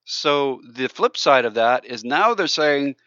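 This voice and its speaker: A man's voice: medium pitch, expressive, slow, bright, forceful tone, no room sound, lo-fi sound. A man co-hosting a call-in radio show, chiming in with short remarks and questions. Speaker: radio co-host. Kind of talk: call-in radio talk about markets.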